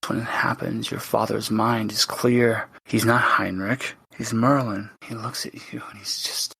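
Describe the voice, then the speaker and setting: A man's voice: fairly low pitch, level tone, measured pace, gravelly, pushed and bright, husky. A man narrating a tabletop game as game master, speaking dramatically to the player and often dropping to a whisper.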